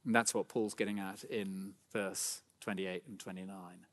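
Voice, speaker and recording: A man's voice: sits low, fairly even intonation, moderate pace, hardly any pauses. A man in his fifties preaching a sermon in a church, earnest and often climbing to fervent emphasis, with fillers and restarts along the way. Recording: long hall reverb.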